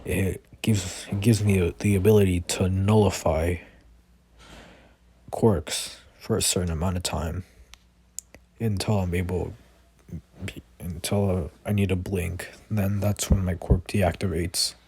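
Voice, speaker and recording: A man's voice: low-pitched, fairly even intonation, takes it slowly, long pauses, dark tone, slightly rough, dry recording, heavily acted. A man voicing a blunt, weary male hero in a fan-made spoken story, reading the quoted lines plainly with many fillers.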